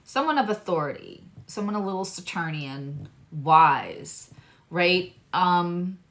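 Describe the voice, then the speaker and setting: A woman's voice: lowish voice, animated, takes it slowly, a bit bright. A woman reading tarot cards on a live stream, chatting with viewers in a loose, digressive way. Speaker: tarot reader and astrologer.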